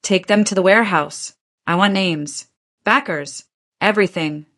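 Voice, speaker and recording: A woman voicing a cold, commanding male crime boss who speaks in short, flat, clipped lines with a Korean accent. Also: mid-range voice, a little slow.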